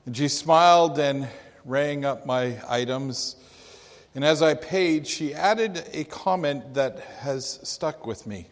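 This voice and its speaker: A man preaching a sermon, telling a story and then posing rhetorical questions to his listeners in a deliberate way. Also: on the high side, in a large hall.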